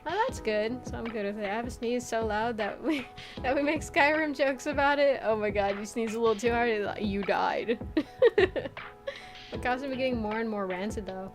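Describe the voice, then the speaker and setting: A woman's voice: a little high, normal speed, soft background music. A young woman streamer chatting casually with viewers, rambling with lots of filler words, swearing and laughing often. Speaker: VTuber streamer. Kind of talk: casual chat reading viewer comments.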